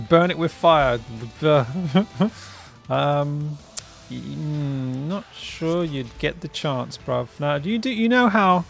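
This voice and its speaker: Gravelly-voiced man chatting on stream. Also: mid-range voice. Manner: rambling, laughs often, tags "right?" and "bruv". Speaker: streamer host. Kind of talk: casual stream chat.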